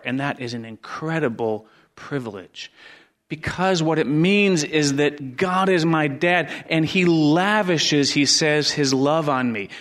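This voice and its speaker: An earnest middle-aged man preaching to his congregation, his voice sitting a little high for a man. He repeats key phrases and swings from loud emphasis down to quiet, hushed asides. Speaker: pastor. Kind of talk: sermon.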